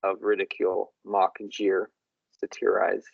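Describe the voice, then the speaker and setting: Slow musing guy sounding out words, dry dull lo-fi audio. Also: low-pitched, completely flat delivery, creaky, husky. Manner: musing, repeats words aloud to try them. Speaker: co-host. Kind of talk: casual language discussion.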